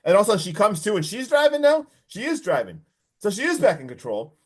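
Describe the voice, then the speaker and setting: Man, somewhat high voice, lively podcast recap with lots of swearing. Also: fast. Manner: animated, swearing, acts out character lines. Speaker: podcast co-host. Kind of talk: casual movie recap.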